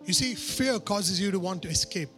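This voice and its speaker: High, bright-voiced man preaching. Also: moderate pace, soft background music. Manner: animated, self-mocking humor. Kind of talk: storytelling sermon.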